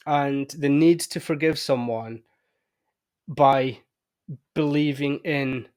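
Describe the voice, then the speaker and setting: Candid, reflective man hosting a podcast. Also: a little high. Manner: candid, reflective, animated when telling stories. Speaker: podcast host. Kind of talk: casual conversation.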